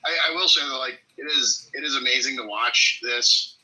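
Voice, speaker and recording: An animated man holding forth on a podcast, jumping between stories and jabs. His voice sits mid-range for a man and comes across very bright and forward. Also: medium pitch, moderate pace, poor audio. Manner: animated storyteller, provocative. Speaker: podcast co-host. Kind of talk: casual chat.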